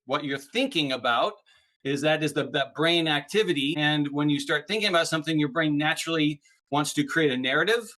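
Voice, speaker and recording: Bright-voiced animated man explaining. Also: on the high side, fairly quick. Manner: animated, explanatory, peppers talk with "right?". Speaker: podcast guest, speaker on neuroplasticity. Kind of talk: casual interview chat.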